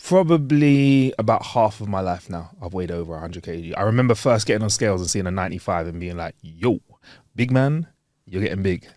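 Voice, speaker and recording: A man co-hosting a podcast, talking in a relaxed, rambling way. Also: low-pitched, fast talker, few pauses, no echo, studio quality. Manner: relaxed, rambling, full of "like" and restarts. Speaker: podcast co-host. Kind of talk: casual podcast chat.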